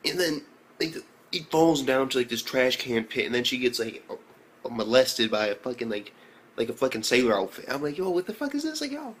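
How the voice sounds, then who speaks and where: A young man giving a casual, profane, excitable recap of an anime episode, often breaking into high exclamations. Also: moderate pace, husky. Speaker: anime reviewer.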